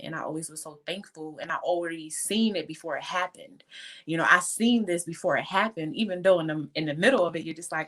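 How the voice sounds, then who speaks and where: Guest: fervent woman with a low voice, emotional testimony, close to tears. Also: brisk, fairly bright tone. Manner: fervent, faith-filled, tearful. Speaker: guest entrepreneur.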